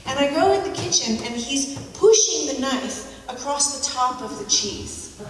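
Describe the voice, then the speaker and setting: A woman giving a reflective public talk, telling anecdotes with halting pauses and repeated key phrases. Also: sits high, lively intonation, crowd noise. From United States. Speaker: speaker at a forum. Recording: echoey hall, mic from far off, background noise.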